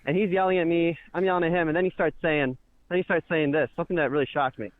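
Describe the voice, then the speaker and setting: A man's voice: fairly high pitch, fast talker, no echo. A man calling in to a talk show, telling a story casually and acting out the quotes of people he argued with. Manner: animated, acts out shouted quotes. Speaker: caller. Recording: tinny phone line, dry.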